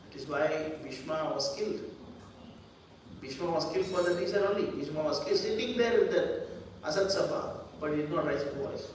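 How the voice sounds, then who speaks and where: A man's voice: a little high, a little fast. Male preacher, talky sermon style, roomy distant sound with faint noise behind. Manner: conversational, repeats words, acts out quoted voices. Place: temple hall. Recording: echoey hall from far off.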